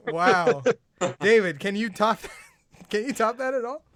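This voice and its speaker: A man's voice: high-pitched, animated, takes it slowly, a bit bright. Crude, laughing podcast host, man. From Southern California. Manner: crude, laughing, reads listener questions. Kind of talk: casual comedy podcast chat.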